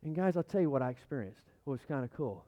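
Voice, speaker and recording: A man in his thirties preaching a sermon in a conversational, animated way, often repeating his words. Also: medium pitch, fast. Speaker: pastor. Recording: muffled lo-fi sound.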